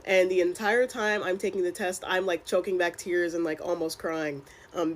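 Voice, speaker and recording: A young woman casually telling a personal story, chatty and exasperated, with lots of filler words. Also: lowish voice. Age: young adult.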